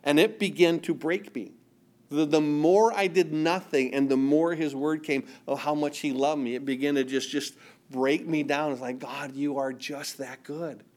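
A middle-aged man preaching a sermon, earnest, often repeating words and dropping to a hush for emphasis. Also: fairly high pitch, steady tone, normal speed. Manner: earnest, repeats words, swings between loud emphasis and hushed quiet. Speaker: pastor.

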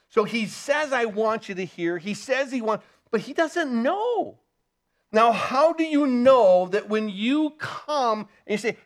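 A man's voice: high-pitched, lively intonation, a little slow. A man preaching a sermon, emphatic and repetitive, often changing his pace as he drives his points home. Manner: emphatic, repeats key phrases, shifts pace often.

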